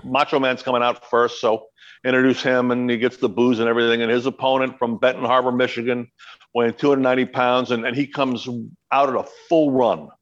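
A man's voice: mid-range voice, brisk, lo-fi sound. A middle-aged man, a podcast guest, telling a story in casual chat and acting out the quotes. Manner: animated storyteller, acts out quotes.

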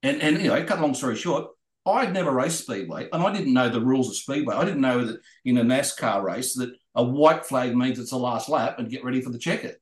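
An Australian man, a guest racer, telling rambling, animated anecdotes in a podcast interview. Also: mid-range voice, fairly quick, reverberant. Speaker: guest racing driver.

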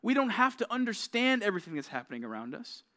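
A young youth pastor preaches to teenagers in a casual, conversational way. He tells stories with lively energy and acts out the characters' lines. His voice sits a little on the high side. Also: fast. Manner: conversational, animated storytelling with quoted voices. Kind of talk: youth sermon.

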